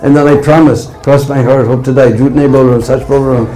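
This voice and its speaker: A man voicing a selfless mother cow in a sermon story, gently insistent. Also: medium pitch, fairly even intonation, fast talker, natural voice, poor audio. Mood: begging.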